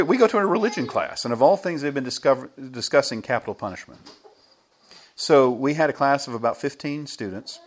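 An American pastor preaching a sermon in a church, telling stories with a lively manner and chuckling between his points. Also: mid-range voice, slight background noise. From United States.

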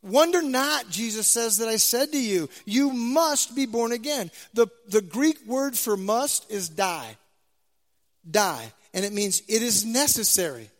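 Emphatic preacher, high voice, echoing hall. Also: male voice, animated, a little slow. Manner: emphatic, repeats key phrases, swings from loud to soft. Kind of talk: sermon. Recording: hall reverb.

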